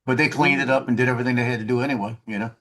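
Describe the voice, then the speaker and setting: A man's voice: mid-range voice, fairly even intonation, racing, fairly bright tone. A man casually telling a story over a video call, rambling and repeating words, laughing at his own tale.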